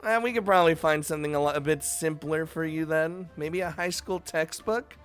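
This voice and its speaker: A man's voice: fairly high pitch, brisk, smooth, soft background music, pitched above the performer's own voice, natural voice. A man voicing a practical young woman companion who speaks in a matter-of-fact, lightly teasing way.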